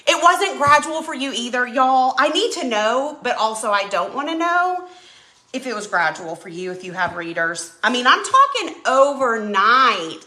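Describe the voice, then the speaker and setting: A woman hosting a live craft stream, her voice bright and a little high as she tells stories with dramatic flair. Her pitch swoops up and down freely, and her voice rings around an echoey room. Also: moderate pace. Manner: animated, dramatic storyteller. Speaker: craft channel host. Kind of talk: casual live-stream chat while painting.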